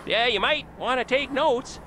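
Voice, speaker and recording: A man's voice: extremely high pitch, moderate pace, pushed and bright, slight background noise. A man voicing a giggly, eager small-town coroner in a video game, tacking a silly sound onto his words. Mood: giddy. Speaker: game character.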